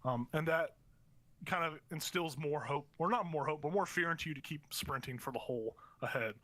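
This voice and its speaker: A man's voice: a little high, fairly quick, sharp tone. A young man running a tabletop game as game master, narrating in a rambling way with many fillers and restarts.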